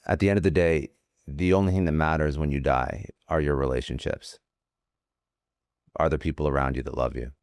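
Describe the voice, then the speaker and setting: A male podcast host with an extremely low, deep voice. He offers brief reflective comments to his guest. The recording is dry with no room sound. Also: fairly even intonation, a little fast, darkish tone, no room sound. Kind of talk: casual podcast conversation.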